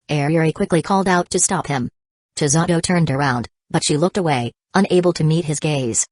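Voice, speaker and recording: A woman narrating an audiobook in an even, measured reading. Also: sits low, dry recording. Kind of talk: scripted narration.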